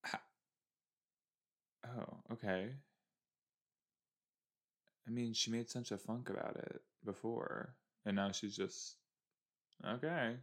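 A man's voice: fairly low pitch, steady tone, slow pace, pauses often, fairly bright tone. A man in his early twenties chatting casually as he reacts to a TV episode, exasperated and talking back at the screen. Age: early 20s. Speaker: show reaction host.

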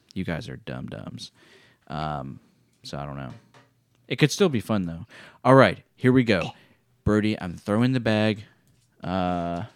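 A man's voice: sits low, dry recording. A man co-hosting a podcast, bantering casually and teasing his partner in a playful way. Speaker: podcast co-host. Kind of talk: casual chat.

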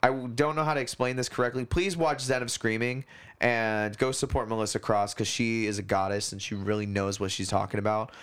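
A man's voice: on the low side, level tone, a little fast, fairly bright tone, clean tone. A man co-hosting a casual podcast, rambling through explanations with lots of fillers and the odd swear word. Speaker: podcast co-host. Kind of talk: casual chat.

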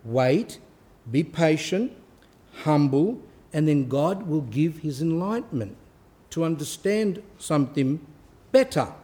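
A man who is a priest, giving an earnest sermon with pauses for emphasis. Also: a little high, expressive, mellow. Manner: earnest, pausing to stress points.

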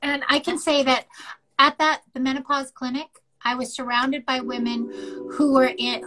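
A middle-aged woman co-hosting a podcast, telling a candid personal story in an emotional, animated way and acting out bits of dialogue. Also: high voice, normal speed, soft background music, poor audio. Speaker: podcast co-host.

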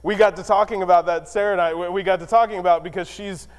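A man preaching a sermon, telling a personal story in a relaxed, self-deprecating way with lots of fillers. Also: high-pitched, fast, big-room sound. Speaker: pastor.

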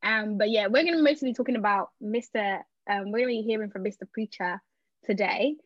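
A woman's voice: medium pitch, a little fast, no room sound. A young adult woman hosting a podcast in casual, chatty talk, laughing often and restarting her sentences. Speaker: podcast host. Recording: dull, dry lo-fi recording.

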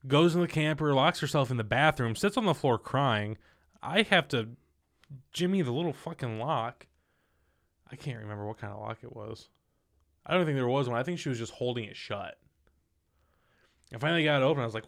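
A young man in his twenties telling a personal story in casual, profane, animated talk. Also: medium pitch, moderate pace, long pauses. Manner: candid, profane, animated retelling.

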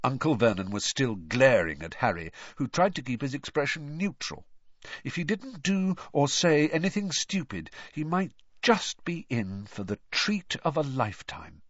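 A man's voice: mid-range voice, sing-song, normal speed, no room sound. Man reading a storybook expressively. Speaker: audiobook narrator. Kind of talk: scripted storybook narration. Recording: dry, slightly dull recording.

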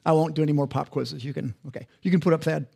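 High-voiced pastor preaching conversationally. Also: male voice, steady tone, fast, gravelly, mellow, husky. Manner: conversational, interactive, asks the congregation questions. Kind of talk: sermon.

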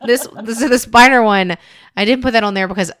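A woman's voice: fairly high pitch, brisk, fairly bright tone. A woman podcast co-host chatting casually, telling stories animatedly with squeals and laughs. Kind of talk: casual chat.

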